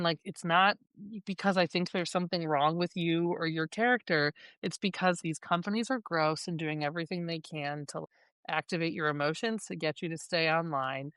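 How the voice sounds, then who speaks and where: A woman in her forties, a parenting coach, chatting as a guest in an animated way with many fillers. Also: fairly low pitch, normal speed, clean tone, no room sound. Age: 40s. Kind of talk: casual interview chat.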